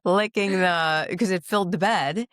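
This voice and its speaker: A woman's voice: fairly low pitch, measured pace, a bit bright, no echo, clean studio sound. A middle-aged woman telling a family story in casual chat, rambling with restarts and frequent laughs. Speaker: guest, mother of the host. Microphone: podcast mic.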